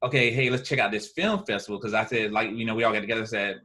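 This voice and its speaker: Male podcast guest, low and bright, lively and rambling. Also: quick pace. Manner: animated, repeats words while thinking. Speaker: filmmaker guest. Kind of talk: casual podcast interview.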